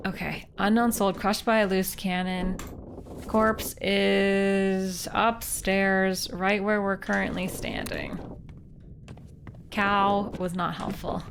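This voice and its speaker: A woman's voice: mid-range voice, flat delivery, takes it slowly, gravelly, a little hiss or hum. A young woman from Canada, a streamer thinking aloud playfully while playing a game live and chatting with viewers. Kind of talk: live gameplay commentary.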